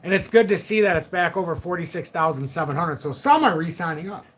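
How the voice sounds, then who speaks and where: A man's voice: a little high, animated, fast talker, husky. A middle-aged man hosting a live chat stream, joking, laughing often and swearing casually. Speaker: livestream host.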